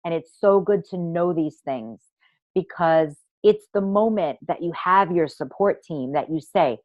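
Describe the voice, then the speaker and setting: A woman's voice: on the low side, measured pace, a little mellow, no room sound, muffled recording. A woman hosting a live online masterclass for women, talking in a theatrical, emphatic, gushing way and swearing freely. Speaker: online workshop host and women's coach.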